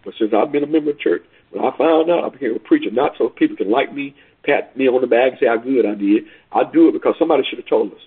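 A man's voice: mid-range voice, quick pace, husky. A man preaching a sermon, reading scripture and building to emphatic, repeated appeals. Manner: emphatic, rising to loud appeals. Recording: tinny phone line.

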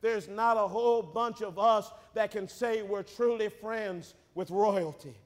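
Brief: male preacher, high-pitched, fiery sermon with rapid asides, reverberant sanctuary. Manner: dynamic, swinging from rapid joking asides to loud shouted climaxes. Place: church sanctuary. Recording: reverberant church hall.

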